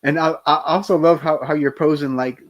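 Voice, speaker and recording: An upbeat man with a fairly high voice joins a film commentary, cracking jokes and reacting with enthusiasm. He restarts his sentences often as he gets excited. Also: brisk. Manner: enthusiastic, joking, stammering restarts. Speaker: guest commentator. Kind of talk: casual commentary chat.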